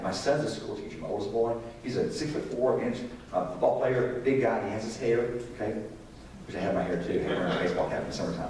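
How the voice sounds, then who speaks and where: In an echoey church sanctuary, a male preacher with a mid-range, darkish voice delivers a sermon on parenting, talking conversationally and putting questions to the congregation. The distant mic picks up the hall's echo along with a little hiss or hum.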